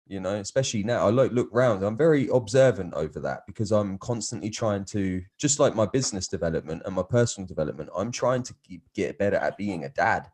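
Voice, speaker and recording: A man's voice: lowish voice, expressive, quick pace, few pauses, darkish tone, husky. A man in his thirties hosting a podcast, speaking in an earnest, rambling, casual way. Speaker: podcast host. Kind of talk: casual conversation.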